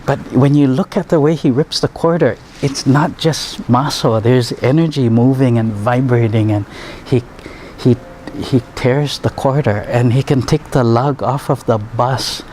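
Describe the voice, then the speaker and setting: A man's voice: medium pitch, unhurried, darkish tone, a little hiss or hum. A man, a martial arts teacher and healer, telling stories in a rambling, chuckling way full of fillers. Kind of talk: conversational storytelling.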